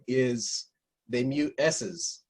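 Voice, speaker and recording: A man telling lively anecdotes in a casual interview, slipping into imitations of the people he met. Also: medium pitch, very slow. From North America. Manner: animated anecdotes, mimics Spanish speakers. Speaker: interview guest. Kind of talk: storytelling in casual conversation.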